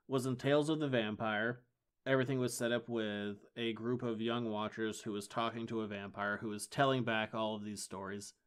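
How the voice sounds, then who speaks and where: A man co-hosting a podcast, chatting casually as he recaps comic book issues. He is wry and enthusiastic. His voice sits at an ordinary middle pitch. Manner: enthusiastic, wry, acts out lines in quick bursts. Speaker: podcast co-host.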